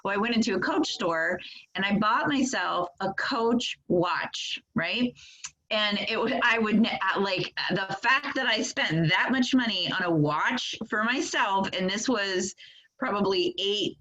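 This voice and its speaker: A woman's voice: mid-range voice, a little slow, bright, forceful tone, rough recording. A woman chatting casually in a book club, telling a personal story in a rambling way and laughing often. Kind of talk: casual chat.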